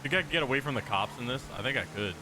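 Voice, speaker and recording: A man's voice: mid-range voice, rapid-fire, noisy background. A man joking and teasing in casual in-character role-play.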